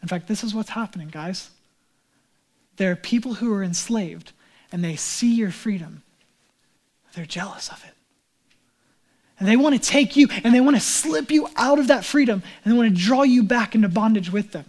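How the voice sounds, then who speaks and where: A male pastor preaching a sermon in a conversational way, swinging between loud emphatic lines and hushed, near-whispered ones. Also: high voice, expressive, normal speed, long pauses.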